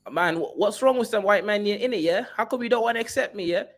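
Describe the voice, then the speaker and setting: A man's voice: sits high, quick pace, a bit bright, pitched above the performer's own voice. A man putting on a London street slang accent to play a pushy young street tough who demands acceptance. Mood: pleading.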